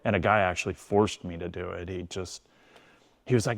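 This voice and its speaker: Middle-aged man, low gravelly voice, easygoing podcast guest, rambling casual delivery. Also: fairly even intonation, a little fast. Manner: laid-back, loose storytelling with frequent "you know". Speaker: tattoo artist and shop owner guest.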